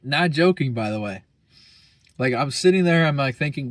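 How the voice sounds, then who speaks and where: A man's voice: mid-range voice, animated, moderate pace, a bit bright, no room sound. A young man talking casually as a vlogger, rambling and profane, full of slang. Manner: slangy, profane, rambling, keeps saying bro.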